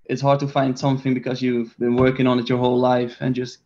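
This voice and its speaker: A man's voice: medium pitch, monotone, fast talker, a little mellow, highs cut off. A young man from the Netherlands in his twenties with a Dutch accent, answering interview questions in a hesitant, filler-heavy way. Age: 20s. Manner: hesitant, many fillers and restarts. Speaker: soccer player guest.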